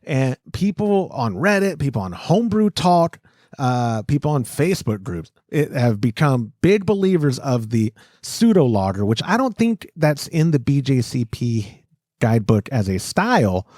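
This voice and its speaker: A man hosting a casual homebrewing podcast, talking in an animated way with frequent restarts and easy laughs. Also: medium pitch, normal speed, no room sound, studio quality. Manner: animated, restarts sentences often, laughs easily. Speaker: podcast host.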